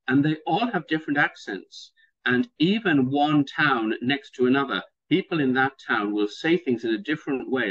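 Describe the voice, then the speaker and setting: A middle-aged man from the north of England with a softened northern English accent, patiently explaining pronunciation in a conversation practice chat. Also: mid-range voice, slightly rough, highs cut off. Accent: northern English softened toward standard British. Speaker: guest native speaker.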